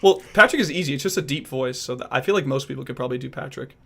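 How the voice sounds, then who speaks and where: A man chats loosely on a stream and rambles between voice tries. His voice is bright with a tense edge. His pitch moves up and down a lot. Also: animated, rapid-fire, creaky, slight background noise. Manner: rambling, trying out voice impressions. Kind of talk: casual chat.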